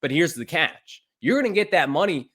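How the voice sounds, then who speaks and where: A man's voice: fairly high pitch, big pitch swings, normal speed, a bit bright, slightly rough. Emphatic male sports podcast host. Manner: emphatic, ranting.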